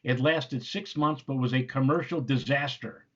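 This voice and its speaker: A man with a mid-pitched voice co-hosts a casual chat, relaxed and teasing as he reads out quiz questions. The sound is dull and lo-fi. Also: moderate pace. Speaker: co-host.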